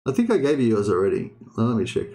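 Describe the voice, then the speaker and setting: A man's voice: on the low side, very animated, very fast, creaky, warm tone. A young man streaming, chatting casually with his viewers in a rambling way, often restarting sentences and swearing. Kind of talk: casual livestream chat.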